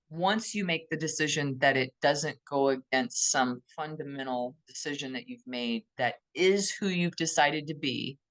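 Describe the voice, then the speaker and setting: A woman co-hosting a podcast, speaking in a thoughtful, gently emphatic way and often posing questions to herself. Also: low-pitched. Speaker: podcast co-host. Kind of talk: reflective conversational podcast talk.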